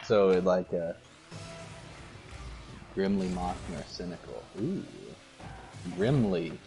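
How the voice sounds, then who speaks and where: A man's voice: sits low, steady tone, a little slow, over music. A man gaming with a friend, making wry quips and laughing often. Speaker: gamer co-host. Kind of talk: casual gaming chat.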